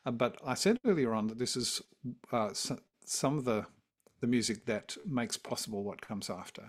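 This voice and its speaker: Enthusiastic lecturing man, lowish voice. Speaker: music scholar guest. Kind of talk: explanatory conversation.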